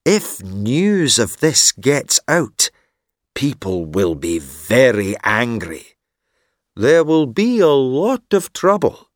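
A man voicing a smooth-talking male con man who is persuasive and sly, confiding and sometimes hushed, in a textbook listening story. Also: mid-range voice, sing-song, takes it slowly, no room sound, clean studio sound. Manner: confiding, turns hushed and secretive.

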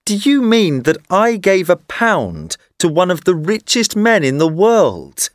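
A man's voice: high voice, very animated, a little slow, dry recording, studio quality, voice pushed up. A man doing an eager, flustered young man. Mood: earnest. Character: young man, poor, kind-hearted, easily flustered.

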